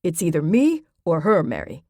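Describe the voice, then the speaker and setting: A woman's voice: on the low side, wildly swooping pitch, moderate pace, warm tone, dry recording, studio quality. A woman voicing a blustering, threatening middle-aged man who bullies those around him. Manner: hostile, bullying.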